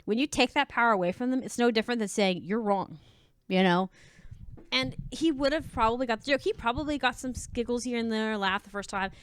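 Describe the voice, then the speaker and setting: A woman's voice: a little high, fast, smooth, no echo. Sassy chatty woman commentator, dry close mic. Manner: sassy, chatty, many restarts and asides. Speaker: commentator reading advice posts. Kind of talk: casual commentary on reader stories.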